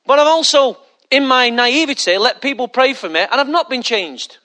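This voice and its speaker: A man's voice: extremely high pitch, lively intonation, normal speed, bright, forceful tone. A male pastor preaching a conversational sermon full of rhetorical questions and mocking asides.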